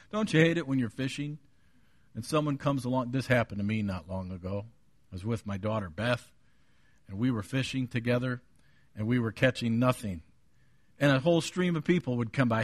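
A man preaching a sermon, booming when he quotes scripture, dropping low on his asides, and joking with the congregation. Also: dry recording, studio quality. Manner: jokes with the congregation. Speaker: pastor.

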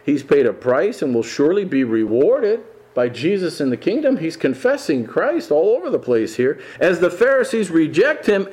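A man, a pastor, teaching through a Bible passage verse by verse in an enthusiastic, emphatic way with frequent chuckles. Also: sits high.

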